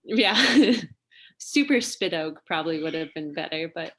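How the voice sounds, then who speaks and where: A young woman telling stories in a casual interview, chatty and quick to laugh, with plenty of fillers. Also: sits low, lively intonation, fairly bright tone. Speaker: interview guest, singer and lawyer.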